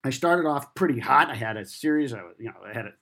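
A man's voice: mid-range voice, lively intonation, fast talker, a crowd in the background. A man in his fifties telling career stories in a casual interview, rambling and self-deprecating with many restarts. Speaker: guest comedy writer.

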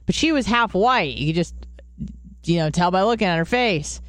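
Woman rambling thru stories, curses a lot, squeaks up into silly quote voices, smooth voice. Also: moderate pace, no echo. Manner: lively storyteller, swears freely, jumps into high-pitched quoted voices. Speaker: podcast co-host. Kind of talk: casual chat.

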